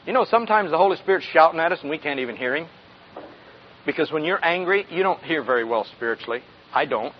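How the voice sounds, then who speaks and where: Fast and animated, a fairly high-pitched man in his sixties preaches a folksy sermon as pastor. He often asks the congregation questions and chuckles, captured in dull lo-fi with slight background noise.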